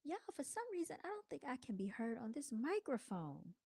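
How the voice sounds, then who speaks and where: A woman's voice: sits high, very animated, brisk, vocal fry, dark tone, breathy edge, no echo. A woman hosting her own livestream, chatting casually and calling her viewers "y'all" on a desk microphone at home. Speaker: livestream host. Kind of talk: casual live-stream talk.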